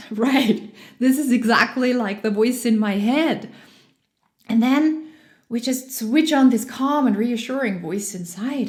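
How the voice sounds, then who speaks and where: Slow-talking, laughing woman coach. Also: high-pitched. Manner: cheerful, laughs often, slow and deliberate. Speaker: joy and fitness coach. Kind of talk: motivational talk. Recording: echoey room.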